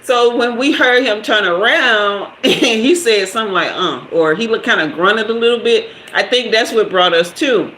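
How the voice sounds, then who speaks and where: A woman's voice: fairly high pitch, normal speed, hardly any pauses. Chatty laughing woman telling a story. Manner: lively, chatty, laughs often, addresses viewers directly. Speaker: host of a live tarot stream. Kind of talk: casual storytelling to a live chat. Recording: echoey room with faint background hiss.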